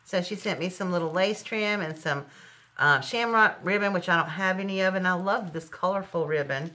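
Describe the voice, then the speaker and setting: A middle-aged woman with a drawl talks through a craft gift unboxing in a bright, forceful voice that sits a little low. She gushes and exclaims as she goes, chatty and warm toward her viewers. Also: moderate pace. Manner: gushing, exclaims over each item. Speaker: crafting channel host. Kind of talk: casual unboxing chat.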